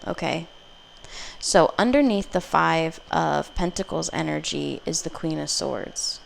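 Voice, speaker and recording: A woman's voice: low-pitched, unhurried, creaky, slight background noise. A woman giving a casual pick-a-card tarot reading, blunt, profane and rambling. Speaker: tarot reader.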